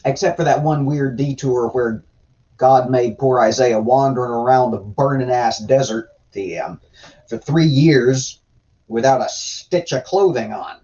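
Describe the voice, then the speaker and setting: A man's voice: mid-range voice, unhurried, warm tone. A man hosting a casual livestream, joking irreverently as he reads chat and comments on scripture. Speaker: host reading and commenting on scripture. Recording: dull lo-fi stream audio.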